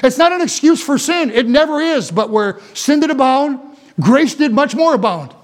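Male Baptist preacher, high-pitched, folksy, swings from loud exhortation to quiet asides. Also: animated, moderate pace. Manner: stammering restarts, folksy preaching. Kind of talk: sermon.

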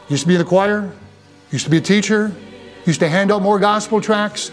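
An older man preaching a sermon, building from calm talk to near-shouted passion. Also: high-pitched, brisk, faint music behind. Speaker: pastor.

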